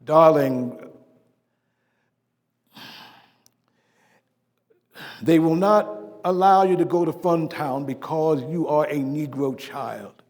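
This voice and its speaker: A living-history performer plays a dignified civil rights preacher, recounting his life in a first-person stage monologue. His measured oratory swells with emphasis, then falls to a hush. His pitch is fairly high and his voice close to everyday speech, heard in a large hall.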